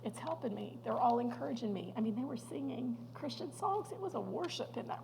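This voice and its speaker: A woman's voice: sits high, normal speed, creaky, dark tone, slight background noise, rough recording. A middle-aged woman giving an earnest, emotional personal testimony as guest speaker at a church women's luncheon. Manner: earnest, emotional storytelling with light laughs. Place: church hall.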